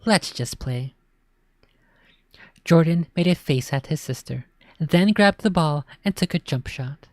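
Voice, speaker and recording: Brief: woman storyteller, low and even, chatty asides, dry close mic. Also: normal speed, no echo. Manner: casual asides between read lines. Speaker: storybook reader. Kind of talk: reading a children's horror story aloud.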